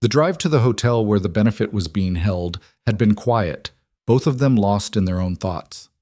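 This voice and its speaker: A man narrates a story in an even, measured voice, pitched on the low side. The recording is dry and close, with no room sound. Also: no room sound.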